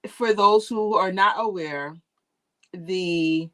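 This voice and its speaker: Woman host of a casual fan livestream, talkative and lively, quick to laugh, recorded on a tablet mic. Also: on the low side. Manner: chatty, animated, laughs often. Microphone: tablet used as camera.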